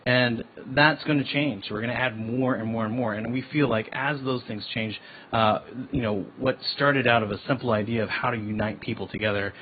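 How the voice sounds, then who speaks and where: A man's voice: medium pitch, fairly even intonation, a little fast. Man presenting over a tinny line. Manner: casual, restarts words, enthusiastic. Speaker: ocean tech founder presenting. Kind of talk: panel presentation. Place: event hall. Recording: tinny phone-like line with faint noise.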